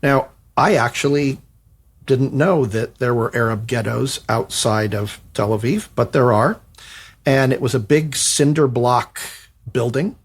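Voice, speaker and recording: Husky man telling a story. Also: mid-range voice, a little slow. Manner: animated, self-mocking retelling that acts out quoted dialogue. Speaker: podcast co-host. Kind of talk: storytelling anecdote.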